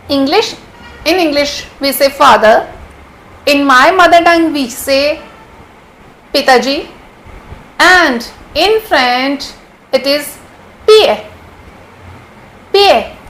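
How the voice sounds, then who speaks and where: Woman, Hindi speaker, patient vocabulary teacher, high-pitched, unhurried drill style. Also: fairly bright tone, rough recording. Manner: patient, repeats each word slowly several times. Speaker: language teacher. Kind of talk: vocabulary lesson.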